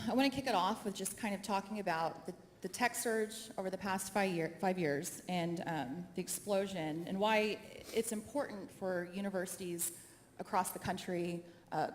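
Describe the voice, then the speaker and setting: A woman's voice: mid-range voice, normal speed, a little hiss or hum. A woman moderating a university panel, upbeat and chatty as she introduces the speakers. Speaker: moderator, program manager. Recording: reverberant hall.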